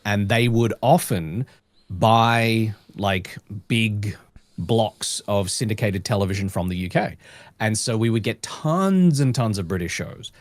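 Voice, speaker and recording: A man from Australia, a guest voice actor, talking casually and at length on a podcast, often slipping into quick put-on voices in quoted asides. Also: lowish voice, no room sound.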